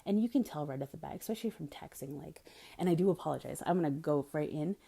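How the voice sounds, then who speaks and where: This is a young woman hosting a casual podcast. Her voice is low, husky and gravelly, with a mellow tone. She talks candidly and bluntly, and sometimes sinks into a whisper. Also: lively intonation, fast. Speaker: podcast host. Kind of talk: casual monologue.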